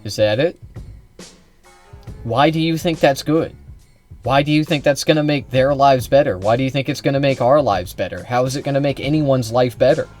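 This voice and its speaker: A man's voice: mid-range voice, moderate pace, darkish tone, soft background music. Sarcastic rambling man, streamer commentary. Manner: sarcastic, rambling, swearing, many restarts. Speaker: reaction streamer.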